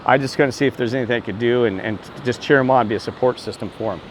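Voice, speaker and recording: Excitable rambling man talking outdoors near traffic. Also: medium pitch, very fast. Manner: excitable, meandering, repeats exclamations of disbelief. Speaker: self-described street minister. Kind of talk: rambling casual vlog storytelling.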